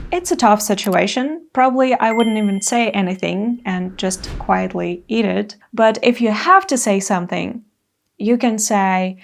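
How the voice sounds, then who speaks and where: A woman in her thirties teaching an English lesson, speaking clearly and carefully and acting out example phrases. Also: medium pitch, moderate pace.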